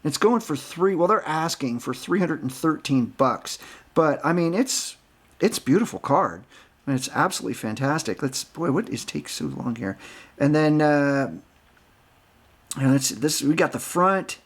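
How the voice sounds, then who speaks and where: A man's voice: a little high, expressive, normal speed. A man chatting casually about his baseball card collection, rambling and laughing often. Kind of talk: casual chat.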